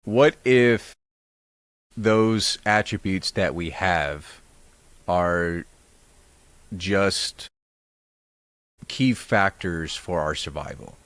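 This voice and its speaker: A man's voice: low voice, a bit bright, no echo. A man co-hosting a podcast who muses in a hesitant way while playing devil's advocate in casual talk. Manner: slow, musing, hesitant. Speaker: podcast co-host. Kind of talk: casual conversation.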